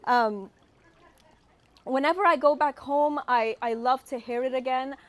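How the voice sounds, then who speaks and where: A British-raised woman in her forties doing a stand-up set, with a British accent softened by California and a wry, punchline-driven way of telling stories. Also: high-pitched, a little slow. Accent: British with a slight Californian tinge. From United Kingdom. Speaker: stand-up comedian.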